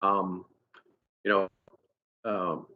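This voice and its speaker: A man's voice: deep voice, extremely slow. Engineer guy telling a story, lots of restarts, kinda muffled lo-fi sound. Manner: animated anecdote-telling with frequent restarts. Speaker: engineer at a company experience center. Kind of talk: casual storytelling in a recorded talk. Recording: dull lo-fi sound.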